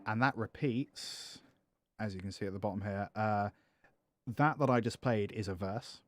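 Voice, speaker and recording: A man's voice: fairly low pitch, moderate pace, dry recording, faint music behind. A man talking casually on a livestream while writing a song, self-amused and joking dryly about his own lyrics. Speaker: streamer and guitarist. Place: home music studio.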